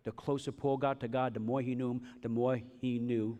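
A pastor delivering a sermon in an emphatic, repetitive preaching style, with humorous asides. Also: male voice, medium pitch, flat delivery, fairly quick, dark tone. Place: church sanctuary. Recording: long reverb of a large hall.

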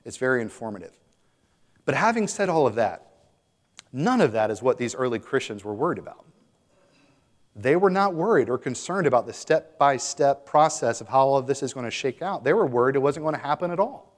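A man's voice: mid-range voice, big pitch swings, fairly quick. Earnest preacher man in an echoing hall. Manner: earnest, emphatic, building to exhortation. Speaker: pastor. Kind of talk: sermon. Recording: long hall reverb.

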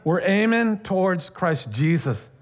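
Animated preaching pastor, fairly high voice. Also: male voice, a little slow. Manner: conversational and animated, with laughter and many fillers. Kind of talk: sermon.

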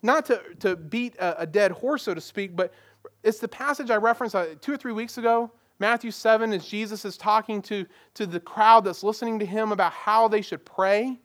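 A man's voice: high-pitched, moderate pace, fairly bright tone. A man preaching a sermon as pastor, plain and conversational, leaning on rhetorical questions. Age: adult parent.

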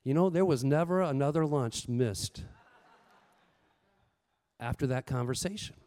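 A man preaching a sermon with lively storytelling, swinging between loud bursts and hushed asides. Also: mid-range voice, measured pace, in a large hall.

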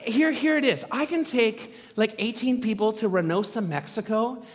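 A man in his thirties telling a story in a sermon as a pastor, animated and poking fun at himself. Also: high-pitched, moderate pace. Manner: animated, self-mocking humor. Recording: long reverb from a large hall.

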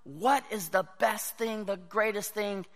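A man preaching a sermon, telling animated stories and acting out the voices of the people in them. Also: sits high, measured pace, faint music behind. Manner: animated storytelling, acts out quoted voices. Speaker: pastor. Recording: long hall reverb.

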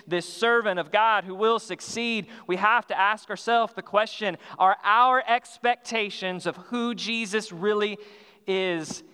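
High, bright-voiced man preaching a sermon. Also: clean tone, long reverb tail. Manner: earnest, measured preaching with slowed emphatic phrases and some restarts. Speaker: pastor. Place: church sanctuary.

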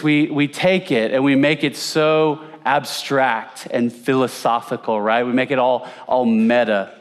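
A man's voice: medium pitch, unhurried, few pauses. A man teaching a conversational Bible lesson, asking his audience questions and repeating words for emphasis. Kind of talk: teaching sermon with slides.

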